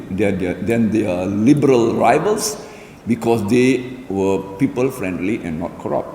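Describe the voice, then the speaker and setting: A man giving a formal public lecture in a hall, speaking in a measured, deliberate way with formal phrasing. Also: mid-range voice, warm tone, a little hiss or hum. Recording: echoey hall with faint ambience.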